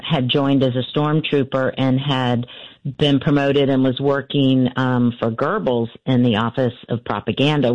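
A woman's voice: extremely low pitch, darkish tone, no room sound. Woman telling a family story, dry lo-fi sound. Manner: halting, many fillers and restarts. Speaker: interview guest. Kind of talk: storytelling in conversation.

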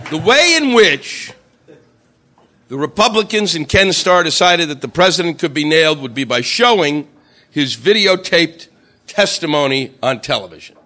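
Animated, ranting stand-up comic man. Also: on the high side, normal speed. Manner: ranting, profane, exasperated. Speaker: stand-up comedian. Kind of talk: stand-up routine.

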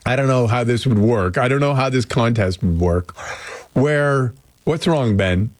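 A man's voice: medium pitch, measured pace, no echo. Chatty radio host man, dry studio sound. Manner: rambling, chatty, self-deprecating. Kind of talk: casual morning radio chat. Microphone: studio microphone.

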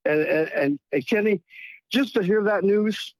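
A man's voice: high-pitched, a little slow, no room sound. A man calling in to a radio show, effusive and stumbling over his words. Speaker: caller. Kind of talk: phone-in call.

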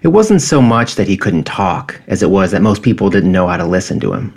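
A man in his thirties reading his own personal essay in a quiet, measured, reflective way. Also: low voice, big pitch swings, husky.

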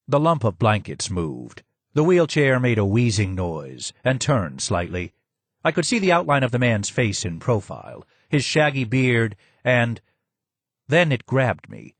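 Male audiobook narrator, steady mid voice, dry close studio sound. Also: mid-range voice, breathy edge, no room sound. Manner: measured, even reading. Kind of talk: scripted narration.

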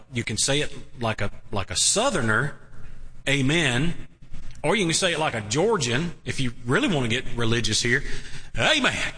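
A man, a pastor preaching a sermon with emphatic, drawn-out phrasing and long pauses. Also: mid-range voice, bright, forceful tone. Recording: long reverb of a large hall.

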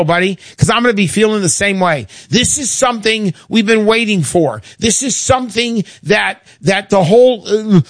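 Brash, high-voiced talk radio host. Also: male voice, no room sound. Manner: brash, hard-selling, swings between loud and hushed. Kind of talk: talk radio sales pitch.

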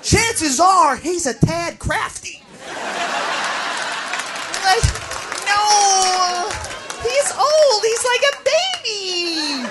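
A man doing stand-up comedy, ranting and swearing, often shouting. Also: extremely high pitch, lively intonation, a little slow. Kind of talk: stand-up routine before a live crowd. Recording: live club recording with loud crowd.

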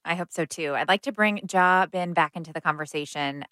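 A woman host with a very low voice, asking calm, measured interview questions. The recording is dry and close. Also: dry recording.

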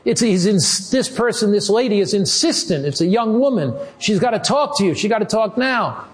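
A man voicing an urgent event producer who calls down with insistent news, quick and raised. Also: high voice, animated, pitched above the performer's own voice.

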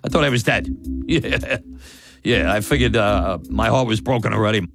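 A man with a very low voice tells a personal story with animated energy. He laughs often and acts out what others said. Clear music plays underneath. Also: normal speed. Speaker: storyteller guest. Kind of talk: personal story told in an interview.

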